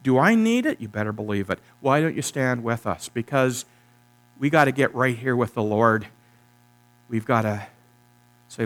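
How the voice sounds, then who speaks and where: A man's voice: mid-range voice, expressive. Earnest male pastor preaching a sermon. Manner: earnest, repeats key phrases slowly for emphasis; speaks directly to the congregation. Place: church service.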